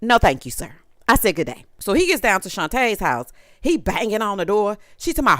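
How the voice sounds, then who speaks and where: A sassy woman recaps a reality show in casual talk, her voice swinging high and low with lots of life. She sits close to the mic in a dry room, with no echo at all. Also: fairly quick. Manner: sassy, animated, talks straight to viewers. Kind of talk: casual commentary.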